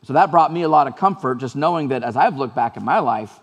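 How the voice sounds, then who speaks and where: A man's voice: mid-range voice, lively intonation, quick pace, long reverb tail, muffled recording. A man preaching a sermon as pastor, earnest and conversational, repeating phrases for emphasis.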